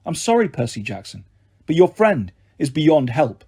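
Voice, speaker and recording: A man's voice: fairly high pitch, moderate pace, breathy edge, full character voice. A man doing a stern young goddess. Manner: calm, cold and formal. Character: young goddess of the hunt, stern, commanding girl.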